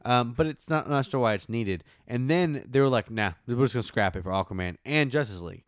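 A man's voice: medium pitch, animated, fairly quick, no room sound, studio quality. A man hosting a casual film discussion, recapping scenes in a rambling, enthusiastic way with plenty of fillers.

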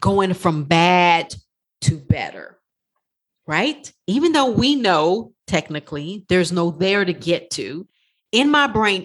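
A woman life coach talking through a podcast monologue, animated and profane, acting out her own inner voice. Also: on the low side, husky.

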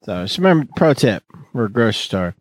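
A man's voice: mid-range voice, very animated, quick pace, no room sound, studio quality. Joking, rambling man podcast host. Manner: rambling, joking, many restarts. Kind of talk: casual chat.

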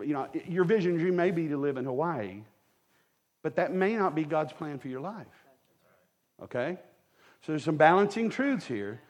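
A man preaching a sermon to a live congregation, a humorous storyteller who turns to the crowd with quick asides. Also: a little high, darkish tone. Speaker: pastor. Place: church sanctuary with a live congregation.

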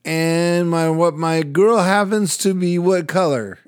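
Animated older man telling a story. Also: sits high, takes it slowly, smooth, no room sound, studio quality. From Latin American heritage, United States. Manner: animated storyteller, acts out voices, laughs often. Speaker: radio and podcast host. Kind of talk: casual storytelling chat.

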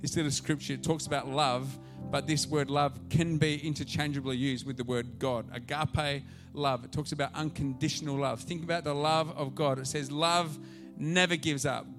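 Male pastor, fairly high voice, storytelling sermon that swings from soft to loud, faint music under it. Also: fairly even intonation, normal speed, few pauses.

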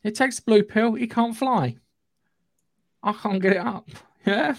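A man from Surrey with a southern English accent, co-hosting a casual podcast chat about films, animated, sweary and acting out scenes. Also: high-pitched, a little slow, dry recording, studio quality. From England, Surrey area. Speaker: podcast co-host.

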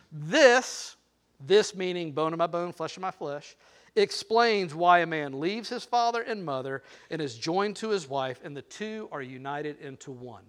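A man's voice: a little high, animated, a little slow, fairly bright tone. An older man preaching a sermon, playful and teasing, talking straight to the crowd. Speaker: pastor.

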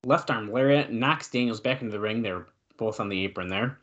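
A young adult man co-hosting a casual wrestling watch-along podcast, excitedly calling the moves and chatting between them. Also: fairly low pitch, brisk, highs cut off. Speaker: podcast co-host.

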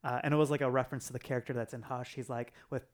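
A man's voice: mid-range voice, steady tone, racing. A man in casual chat, retelling a comic book plot in a rambling way with lots of fillers.

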